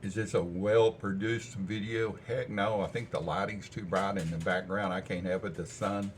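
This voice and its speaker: An older man with a very low, deep voice talks through his home cooking in a relaxed, rambling, folksy way. A faint hiss of background noise sits under his speech. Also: moderate pace. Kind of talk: casual cooking vlog chat.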